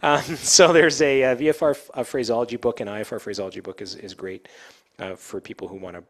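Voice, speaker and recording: A man who works as an air traffic controller, giving a casual, fast-paced talk to pilots with plenty of fillers and restarts. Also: mid-range voice, steady tone, fairly bright tone. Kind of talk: informal safety talk to pilots.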